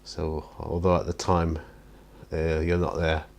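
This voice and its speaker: A tired man with a notably deep, low voice talks casually from his home hobby studio while he paints. He rambles in a self-deprecating way and keeps yawning. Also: little pitch movement, measured pace, gravelly, a little hiss or hum.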